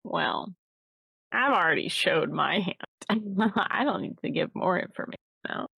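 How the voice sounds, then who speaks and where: A woman's voice: on the low side, animated, unhurried, vocal fry, sharp tone, husky, dry recording. A woman playing a tabletop role-playing game, talking hesitantly and thinking aloud. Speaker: player. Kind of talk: tabletop role-play, casual chat.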